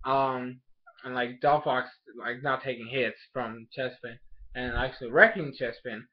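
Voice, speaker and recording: A man casually reviewing an anime episode, rambling with lots of fillers and excited laughs. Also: mid-range voice, unhurried. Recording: dull lo-fi sound.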